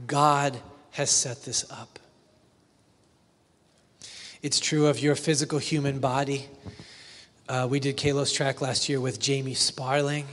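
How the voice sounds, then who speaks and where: A man's voice: medium pitch, a bit bright. A man preaching a sermon as a pastor, conversational, often asking the congregation questions. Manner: conversational, asks the congregation questions, acts out silly quotes. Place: church hall with long reverb. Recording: reverberant church hall.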